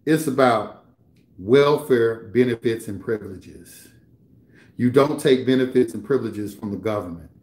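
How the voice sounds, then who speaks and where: A man's voice: mid-range voice, measured pace, darkish tone, echoey room. A man hosting an internet radio show, delivering a heated, confrontational, profane monologue. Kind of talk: ranting monologue.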